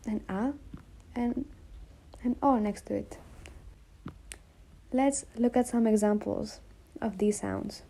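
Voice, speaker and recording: A woman teaching a language lesson, patiently repeating sounds slowly and checking that viewers follow. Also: a little high, mellow, rough recording. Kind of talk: slow explanatory lesson.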